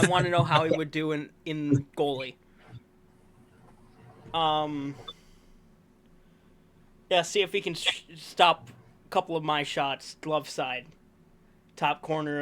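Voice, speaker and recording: Hiccuping as he goes, a man co-hosting a casual sports review presents awards and names the finalists, rambling, fixing his own mistakes, and showing enthusiasm for the players. His pitch is fairly high and his tone somewhat bright, with a little hiss or hum audible.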